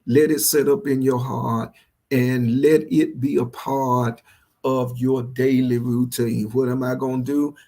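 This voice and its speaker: A male pastor with a Southern US accent preaches to an online audience. His voice is dark and gravelly, with a husky edge. He repeats his phrases and builds to fervent peaks. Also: mid-range voice, little pitch movement, a little slow. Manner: preachy, repetitive, rising to fervent energy. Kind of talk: livestreamed sermon.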